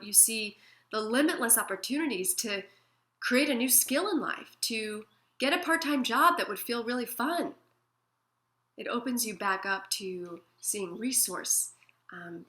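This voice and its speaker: Bright-voiced woman giving gentle self-help guidance. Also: mid-range voice. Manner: gentle, soothing, acts out feelings in quoted asides. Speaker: emotional wellness teacher. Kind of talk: guided self-help talk.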